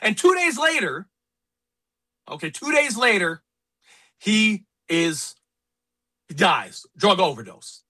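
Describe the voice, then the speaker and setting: A man hosting a talk radio show, speaking in an emphatic, opinionated way about sports and politics. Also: high voice. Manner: animated, emphatic, quick asides. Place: radio studio.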